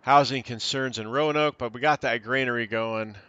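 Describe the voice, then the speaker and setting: Bright-voiced man narrating his gameplay. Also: medium pitch, moderate pace, dry recording, highs cut off. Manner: thinks aloud while reading in-game text. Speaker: gaming channel host. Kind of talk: casual let's-play commentary.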